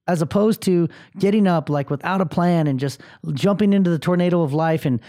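A man's voice: sits high, a little fast, warm tone. A man in his thirties hosting a podcast, talking bluntly and with a lot of swearing and filler words in a rambling motivational monologue. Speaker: podcast host.

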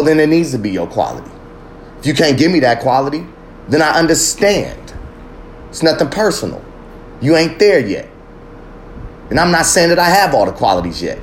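A man's voice: mid-range voice, slight background noise. A man hosting a podcast, delivering a heated, profane, preachy monologue and firing pointed questions at his listeners. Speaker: podcast host.

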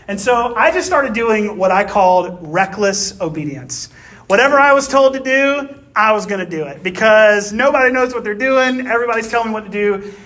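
A man with a fairly high-pitched voice delivers a relaxed, conversational sermon. He talks like he's chatting with friends, dropping quick tag questions and stories from his own life as he explains the scripture. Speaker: pastor.

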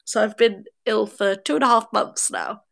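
A young woman with an English accent talks casually on a podcast, a gravelly edge running through her voice. Her voice sounds stuffed up and nasal from a lingering cold, and she laughs easily and makes light of herself. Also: medium pitch, moderate pace. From England. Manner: chatty, laughs often, self-deprecating. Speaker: podcast guest. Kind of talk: casual chat.

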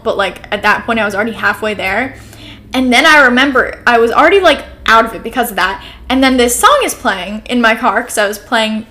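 A woman's voice: a little high, bright, forceful tone. A nineteen-year-old woman from the US West Coast hosting a casual solo podcast, rambling chattily with lots of "like" and "um". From Oregon, US West Coast. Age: teens, about to turn twenty. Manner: chatty, rambling, heavy use of "like" and "um"; upbeat and caffeinated. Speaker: podcast host.

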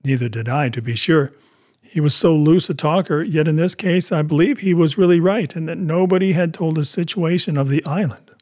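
Male audiobook narrator, slightly high voice. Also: brisk, darkish tone. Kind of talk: storybook narration.

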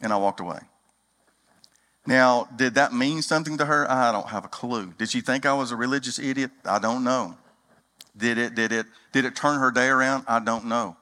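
A man's voice: mid-range voice, moderate pace, pushed and bright. A man preaching a sermon as pastor, telling folksy stories and acting out dialogue in a large church hall. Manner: folksy storytelling, acts out dialogue.

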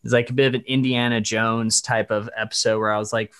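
A man's voice: mid-range voice, little pitch movement, fast, fairly bright tone, clean tone. A man from the Dallas-Fort Worth area, a voice actor guest in a casual podcast interview, rambling and correcting himself as he goes. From Dallas-Fort Worth area, USA. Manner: rambling, stop-start, self-correcting, laughs often.

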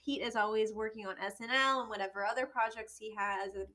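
A woman's voice: medium pitch, steady tone, fast, bright, forceful tone. A young woman co-hosting a podcast in casual chat, giggly and hedging with fillers. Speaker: podcast co-host.

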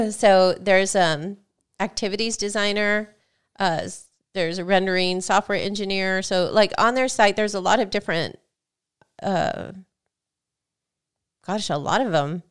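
Female co-host, smooth but worn morning voice, chatty news rundown. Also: mid-range voice, unhurried. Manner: chatty, reads news items aloud casually. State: voice worn, just woke up. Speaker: podcast co-host. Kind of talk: casual gaming chat.

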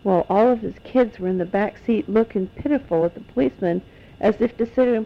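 Older woman storyteller, gravelly voice, homespun animated delivery, dull lo-fi recording. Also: medium pitch, brisk. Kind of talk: telling family stories to children.

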